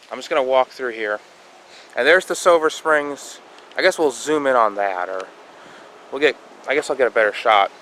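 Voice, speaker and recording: A man vlogging a road trip on a handheld camera, rambling and repeating himself, with excitable bursts. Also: a little high, slight background noise, low-quality recording. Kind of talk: casual road trip vlog.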